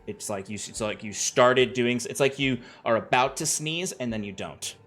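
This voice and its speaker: A man's voice: mid-range voice, normal speed, a bit bright, faint music behind. A man narrating as game master of a tabletop game, describing the action in a loose, rambling way. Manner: descriptive and loose, with many fillers and restarts.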